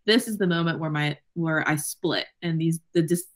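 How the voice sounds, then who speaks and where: A woman co-hosting a book club podcast in casual chat, animated and profane, acting out quotes and laughing often. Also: sits low, fairly quick. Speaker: podcast co-host.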